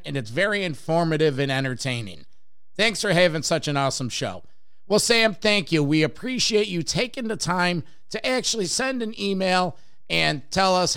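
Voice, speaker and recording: Male metal podcast host, upbeat and chatty, high, smooth voice, dry close sound. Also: a bit bright, no echo. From Rochester, New York. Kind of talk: radio-style show hosting.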